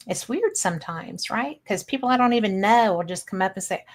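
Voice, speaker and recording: A woman's voice: medium pitch, lively intonation. A woman hosting a casual chat, talking reflectively and laughing easily. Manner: chatty, reflective, quick to laugh. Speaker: host.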